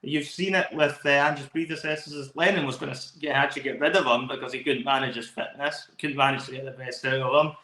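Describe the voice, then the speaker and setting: Talking fast with hardly a pause, a male co-host with a Scottish accent pours out long, enthusiastic takes on a football match. His voice is mid-range, steady, pushed and bright, and the room adds noticeable echo.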